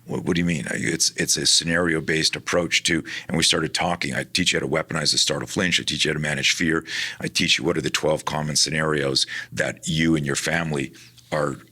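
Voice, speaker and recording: A man talking casually in an interview about his work teaching personal defense, animated, acting out the people in his stories with many restarts. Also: a bass voice, a little fast, husky. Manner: animated, acts out quoted dialogue, frequent restarts. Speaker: guest, personal defense instructor.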